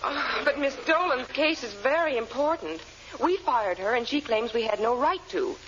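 An actress playing a prim, dutiful secretary in 1940s radio comedy style. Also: female voice, sits high, animated, moderate pace, fairly bright tone. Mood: proper. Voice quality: polite, proper delivery. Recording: muffled old radio recording with hiss.

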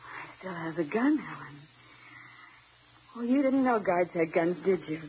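A woman playing an unhinged, vengeful escaped wife who taunts her husband slowly and menacingly, in old-time radio drama style. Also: fairly low pitch, animated. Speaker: escaped asylum patient wife. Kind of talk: 1940s radio acting. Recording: dull old radio broadcast, faint hiss.

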